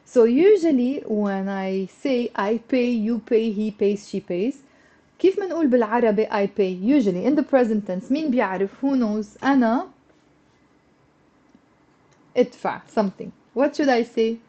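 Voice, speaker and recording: A woman's voice: on the high side, animated, brisk, mellow. A woman with a Lebanese accent teaching a live online Arabic lesson. She keeps asking students to repeat after her and answer. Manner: coaxing, asks for student replies. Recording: dull lo-fi livestream audio.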